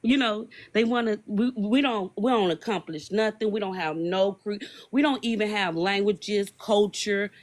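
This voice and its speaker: A guest with a Southern US accent who speaks in a passionate, rapid, lecturing way during a live-stream discussion. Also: mid-range voice. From Southern United States.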